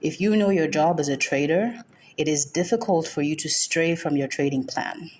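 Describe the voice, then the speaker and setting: A woman's voice: deep voice, moderate pace, a little mellow, husky. A woman from Nigeria hosting a livestream trading lesson. She welcomes viewers by name and is firm and direct, repeating her key points. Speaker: forex trading mentor.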